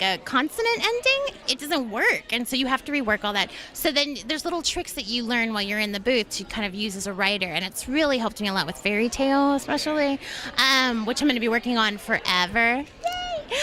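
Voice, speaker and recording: Woman in her thirties, voice actress, convention interview, bubbly, bright, lively. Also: a little high, a little fast. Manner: bubbly and enthusiastic. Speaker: voice actress and guest.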